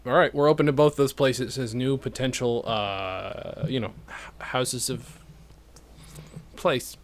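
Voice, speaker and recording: A man's voice: mid-range voice, steady tone, takes it slowly. A man hosting a casual podcast from a home studio, rambling and self-deprecating with lots of jokes and fillers. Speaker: podcast host.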